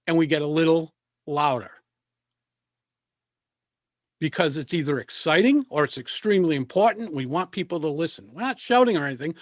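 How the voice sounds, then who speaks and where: A man coaching people on public speaking. His voice sits a little high, and his delivery is measured, with deliberate pauses. The sound is dry and close, picked up over a video call. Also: no room sound. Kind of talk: presentation coaching talk.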